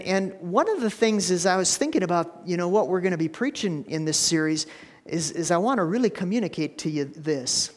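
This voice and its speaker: A middle-aged man preaching a sermon as pastor, folksy and repeating his words, rising to loud preaching. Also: a little high. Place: church sanctuary. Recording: long church hall reverb.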